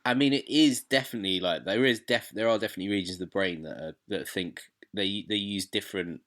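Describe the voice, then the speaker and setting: Male co-host, young adult, chatty, tangent-prone, lower register. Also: fast talker, fairly bright tone. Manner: rambling, goes off on tangents. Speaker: podcast co-host. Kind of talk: casual chat.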